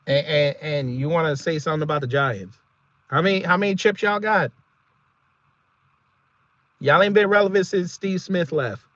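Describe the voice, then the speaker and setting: A man hosting a casual reaction video, talking in an animated, slangy way and laughing often. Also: fairly high pitch, moderate pace, pauses often, dry recording, lo-fi sound.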